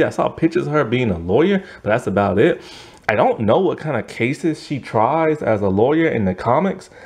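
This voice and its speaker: A man giving a casual, rambling review monologue with lots of fillers and frequent laughs, sounding tired. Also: mid-range voice. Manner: rambling, animated, laughs often, many fillers. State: yawning, tired. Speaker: movie and TV reviewer.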